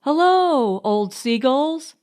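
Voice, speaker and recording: A woman's voice: on the high side, sing-song, takes it slowly, no echo, studio quality. A woman playing a spirited young fiancée. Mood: joyous.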